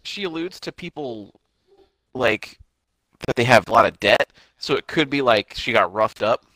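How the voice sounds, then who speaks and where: A man's voice: medium pitch, lively intonation, normal speed, fairly bright tone, no room sound, low-quality recording. A young man casually discussing a movie, hesitant and unsure, swearing now and then. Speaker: podcast co-host. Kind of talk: casual movie review chat.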